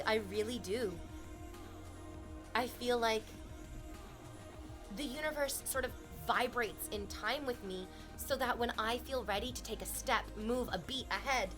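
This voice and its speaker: A young woman streamer chatting openly with her viewers, swearing freely and laughing loudly. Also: a little high. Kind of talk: casual chat with stream chat.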